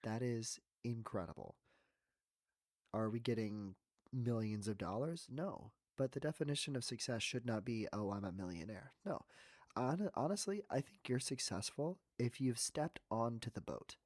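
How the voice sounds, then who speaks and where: A man's voice: medium pitch, expressive, measured pace, no room sound, clean studio sound. A man, a voice actor and coach, talking earnestly and reflectively as a podcast guest. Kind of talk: casual podcast conversation.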